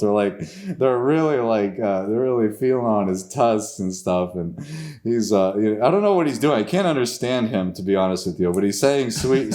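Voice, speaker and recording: A man's voice: mid-range voice, darkish tone. A man improvising a comedy story on a podcast, rambling and swearing, often laughing.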